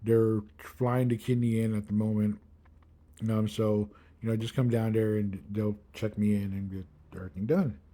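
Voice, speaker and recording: A man's voice: lowish voice, little pitch movement, normal speed, dark tone. A man in his thirties casually telling a personal story, rambling with many fillers and acting out what others said. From Milwaukee area. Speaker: kidney transplant patient.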